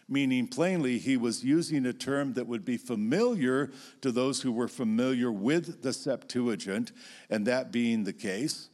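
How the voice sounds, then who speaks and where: A man giving a Bible teaching talk to a class, measured and emphatic, dropping his voice low on key points. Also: darkish tone.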